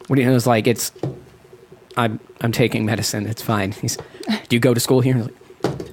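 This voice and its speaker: Easygoing male podcast co-host, middle pitch, relaxed conversational delivery. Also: brisk, background noise. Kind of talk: casual chat.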